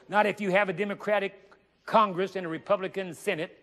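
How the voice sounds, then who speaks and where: A man delivers a sermon in a slightly high voice, slowing down on key words for dramatic emphasis. He breaks it up with joking asides. His voice rings out with a long reverb in a large hall. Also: a bit bright. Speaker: preacher.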